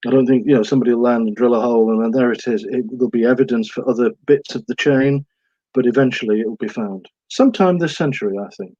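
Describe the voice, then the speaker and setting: A man's voice: mid-range voice, quick pace, dark tone, dry recording, dull audio. A middle-aged British man, an author guest, answering eagerly in a rambling way. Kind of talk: enthusiastic interview answers.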